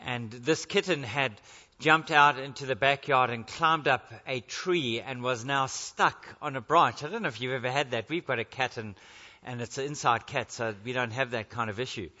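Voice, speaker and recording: Guy preaching a sermon, kinda bright and sharp, echoey church hall, muffled. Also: medium pitch, normal speed. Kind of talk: sermon with storytelling.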